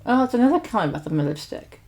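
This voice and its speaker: A woman's voice: fairly high pitch, very animated, rapid-fire, a little mellow. A woman hosting a food channel, chatting casually and reading out viewer names and comments, with lots of fillers and restarts. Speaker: mukbang host. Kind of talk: casual chat reading viewer shout-outs.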